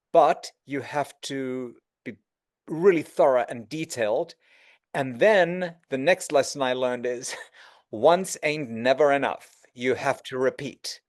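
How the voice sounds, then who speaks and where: A middle-aged man speaking as an interview guest, giving advice and acting out quoted exchanges. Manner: animated, acts out quoted dialogue with shifts in pitch. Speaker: interview guest, real estate executive.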